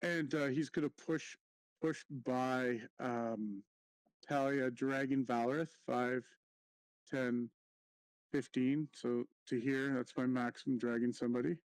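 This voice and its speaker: A man playing a tabletop game, talking slowly and haltingly as he plans his turn. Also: mid-range voice, fairly even intonation, no room sound. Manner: slow, halting with fillers. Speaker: player.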